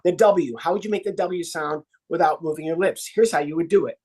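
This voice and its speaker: An American man in his sixties, a ventriloquist guest on a podcast interview, teaching in an animated, demonstrative way. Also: on the high side, fairly quick, breathy edge. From United States. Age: 60s. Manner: animated, demonstrative teaching, acts out little voices.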